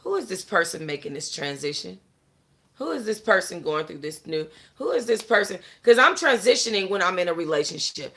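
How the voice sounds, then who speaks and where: A young adult woman hosts a casual chat, talking straight to her audience and answering chat as she bluntly lectures viewers, swearing a lot and constantly saying "you know what I'm saying". Her voice sits fairly low, with a sing-song, brisk delivery and a fairly bright tone.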